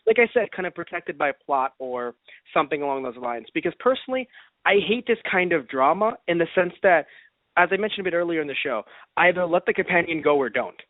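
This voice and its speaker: A man co-hosts a casual podcast and talks in an animated way. His voice sits high and swings widely in pitch. The sound is dry and narrow, like a phone line. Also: fairly quick, no room sound. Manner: animated, acts out mock quotes. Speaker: podcast co-host.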